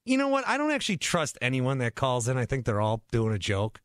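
A man's voice: medium pitch, huge pitch swings, brisk, a bit bright, dry recording, clean studio sound. Chatty male sports radio host. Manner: chatty, laughs easily, restarts his sentences. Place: radio studio. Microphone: studio microphone.

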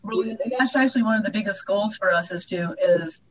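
A woman's voice: mid-range voice, fast talker, a little hiss or hum, low-quality recording. A woman guest from a mortgage lender on a radio interview, upbeat and eager to help.

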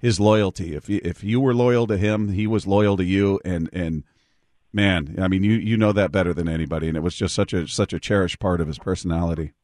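A man hosting a call-in radio show, his voice sitting on the low side. He talks reflectively, with many small restarts, into a dry studio mic with no room echo. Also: steady tone, a little fast. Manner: warm repetitive restarts, reflective. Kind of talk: call-in radio tribute chat.

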